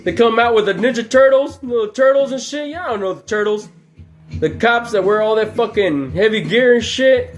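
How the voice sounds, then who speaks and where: Мужчина непринуждённо рассказывает бессвязную историю, много ругается и часто смеётся; на фоне тихо звучит музыка. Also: male voice, very high-pitched, normal speed, faint music behind. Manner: profane, rambling, laughs often. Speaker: channel host. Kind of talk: casual storytelling.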